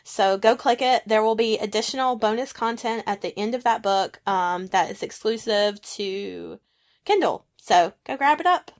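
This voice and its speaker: A woman's voice: mid-range voice, normal speed. A woman hosting a podcast, chatting casually in a bubbly way. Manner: bubbly, laughing. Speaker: podcast host. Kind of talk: casual chat.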